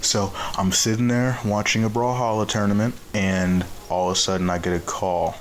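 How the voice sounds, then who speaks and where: A man's voice: fairly low pitch, little pitch movement, moderate pace, low-quality recording. A young man telling a casual story-time tale, rambling and profane with lots of fillers and restarts. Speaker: vlogger.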